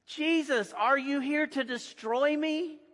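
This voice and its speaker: A man's voice: very high-pitched, slow, fairly bright tone, voice pushed up, exaggerated voice. A man voicing a frightened possessed man who pleads anxiously. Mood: pleading. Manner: pleading, anguished. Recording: long hall reverb.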